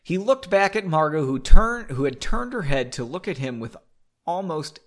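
A man's voice: a little high, very animated, moderate pace. A man reading a story aloud casually, breaking off into playful, self-mocking asides. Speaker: story reader.

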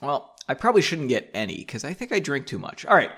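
Animated, self-deprecating man reading aloud. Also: medium pitch, moderate pace, few pauses. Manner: joking, self-deprecating, swears often. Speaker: podcast host reading his own book. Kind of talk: casual book reading with tangents. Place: home basement.

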